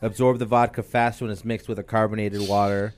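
A man's voice: on the low side, flat delivery, fast talker, a little hiss or hum. A young man in casual podcast chat, easygoing, sometimes reading facts aloud.

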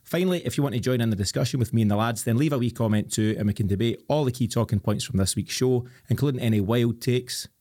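A Scottish man hosting a podcast, presenting in an upbeat, brisk way and teasing his co-hosts. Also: medium pitch, mellow. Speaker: podcast host. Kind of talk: casual podcast chat.

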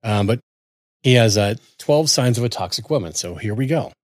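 A man co-hosting a podcast in casual chat, reacting quickly and leading the segments. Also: medium pitch, lively intonation, dry recording, studio quality. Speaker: podcast co-host.

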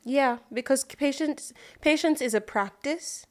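A woman's voice: high voice, a little slow. A woman from Nigeria co-hosting a podcast, talking earnestly and frankly in a casual chat. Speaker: podcast co-host.

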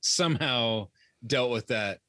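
A man's voice: medium pitch, slow, bright, forceful tone, dry recording. A man co-hosting a movie podcast, making wisecracks and puns. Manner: wisecracking, punning. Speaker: podcast co-host. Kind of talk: casual chat.

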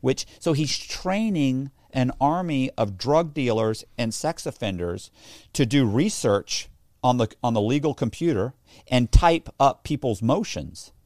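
A man's voice: medium pitch, measured pace. A man with a middle-range voice tells a winding personal story in a casual interview. He restarts sentences and corrects himself often. The sound is dry and close, with no room echo. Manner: rambling, frequent restarts and self-corrections; animated anecdote-telling, mimics others in dialogue. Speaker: interview guest.

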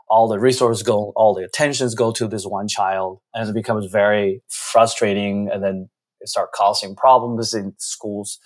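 A man, giving earnest, reflective interview answers with frequent restarts. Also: fairly low pitch. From China.

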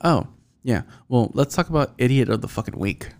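Rambling, profane young man with a gravelly voice. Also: medium pitch, animated, brisk. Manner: profane, rambling, with many fillers. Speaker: podcast host. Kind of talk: casual solo podcast rant.

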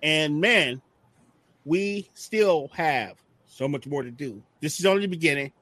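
A man's voice: fairly high pitch, expressive, a little slow, fairly bright tone, dry recording. A man hosting a casual online show, joking and rambling through the lineup with lots of ums. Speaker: network host. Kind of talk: casual livestream chat.

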